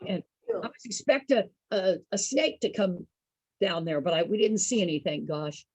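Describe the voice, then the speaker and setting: A woman with a husky voice telling a casual story to an online group over a video call, chatty and calling her listeners folks. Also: mid-range voice, big pitch swings, normal speed, darkish tone, dry recording, low-quality recording. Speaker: storyteller host.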